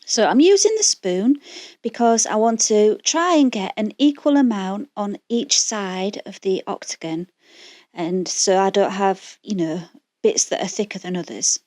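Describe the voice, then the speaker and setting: A woman with a Yorkshire accent talks through a craft project in a casual, meandering voice-over, often stopping to correct herself. Her voice sits in a middle pitch and is recorded dry and close, with no room sound. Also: animated, unhurried, a little mellow, no echo. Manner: rambling, self-deprecating, prone to filler and restarts. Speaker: resin craft channel host. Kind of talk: chatty voice-over of a craft tutorial.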